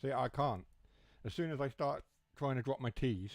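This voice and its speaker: A man's voice: mid-range voice, moderate pace, no room sound. A young man with a Huthwaite accent from near Mansfield, rambling through joking asides as he streams a train game and drops his H's and T's. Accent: Huthwaite, Nottinghamshire. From Mansfield area, England. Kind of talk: casual chat while gaming.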